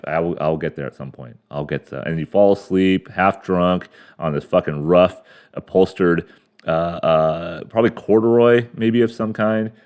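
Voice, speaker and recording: A man in his forties from the United States talks alone to a camera at home, his voice sitting a little low. He rambles and swears his way through a loose monologue. He often trips over fillers and repeats words before he gets back on track. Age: 40s. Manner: crude, rambling, full of fillers and restarts. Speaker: podcast host. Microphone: camera mic.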